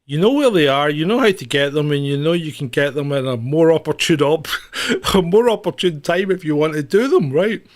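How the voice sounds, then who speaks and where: A man's voice: a little high, lively intonation, fairly quick. A man co-hosting a casual comedy news podcast, laughing often and rambling through asides. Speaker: podcast co-host. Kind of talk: casual banter.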